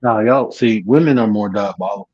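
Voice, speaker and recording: A man talking bluntly and profanely from home on a live-stream panel, telling animated stories with laughter. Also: fairly low pitch, fairly quick, no room sound, dull audio.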